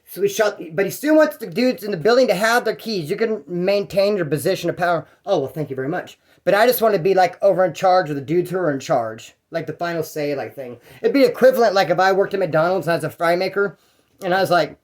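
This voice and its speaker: Fast-talking high-voiced man telling stories. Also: animated. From California. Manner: profane, rambling, acts out others' lines. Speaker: former prisoner telling stories. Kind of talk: casual storytelling monologue.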